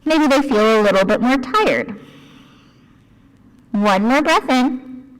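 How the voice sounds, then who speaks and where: A woman leading a children's yoga class, gentle and playful, encouraging the kids and making animal noises. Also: high voice, expressive, slow, big-room sound.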